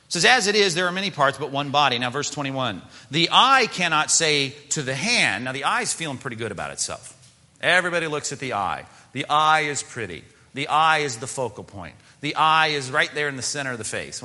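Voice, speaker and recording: A male pastor preaches in a relaxed, conversational way, with a bright, ringing tone and a pitch that swings up and down a lot. He throws in asides and rhetorical questions to the congregation. His voice carries a long reverb, as in a large sanctuary. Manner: mimics whining body parts in a high voice. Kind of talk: sermon.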